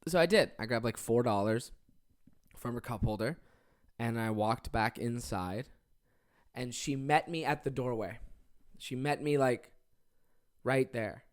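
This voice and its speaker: A young adult podcast host, telling stories in a casual, animated way, swearing freely and acting out the people in them. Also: medium pitch, a little slow, pauses often. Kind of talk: casual comedic storytelling.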